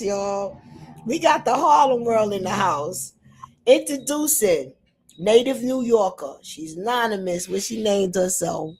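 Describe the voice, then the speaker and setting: A woman from New York hosting a casual live stream, talking straight to her viewers in a lively way. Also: mid-range voice, a little slow, slightly rough. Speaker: livestream host. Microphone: phone or computer mic.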